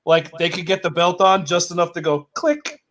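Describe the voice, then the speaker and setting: A man co-hosting a casual podcast, telling Navy stories in a profane, animated way and acting out shouted quotes. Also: sits high, moderate pace, dry recording. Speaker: podcast co-host, Navy veteran. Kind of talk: casual storytelling chat.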